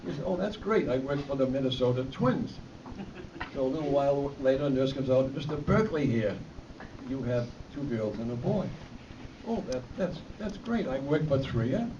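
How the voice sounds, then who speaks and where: Medium in pitch with lively intonation and a moderate pace, this man performs as an amateur comedian at a fundraiser before a live audience in an event hall. He rambles, restarts, uses fillers, and laughs at his own punchlines, heard through a distant, dull recording full of crowd noise.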